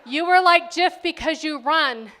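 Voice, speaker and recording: An older woman, a grandmother, giving a faith talk built around a personal story, dropping to soft tones and then rising loud and lively. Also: high-pitched, measured pace. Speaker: speaker.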